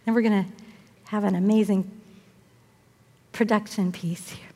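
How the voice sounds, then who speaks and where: A woman's voice: mid-range voice, steady tone, unhurried, mellow. An older woman preaching a sermon to a group of girls, telling the story expressively and acting out the voices of its people. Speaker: speaker at a women's event. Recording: long hall reverb.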